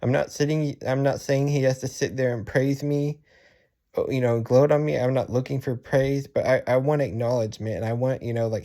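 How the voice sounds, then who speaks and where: A young man venting in a personal vlog, frustrated and sighing, with halting, repetitive phrasing. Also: mid-range voice, steady tone, warm tone. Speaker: vlogger.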